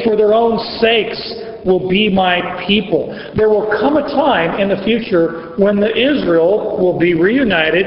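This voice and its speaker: A man teaching a Bible passage verse by verse in a conversational, emphatic way, reading the scripture and rephrasing it as he goes. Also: high voice. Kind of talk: verse-by-verse sermon. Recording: echoey long-reverb hall, dull lo-fi sound.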